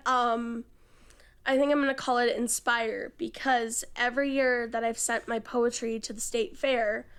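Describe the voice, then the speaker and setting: Young woman poet, soft and hushed. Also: on the high side, clean tone. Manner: soft, hushed delivery with whispered lines in the poem. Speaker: poet guest. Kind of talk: casual chat and poetry reading.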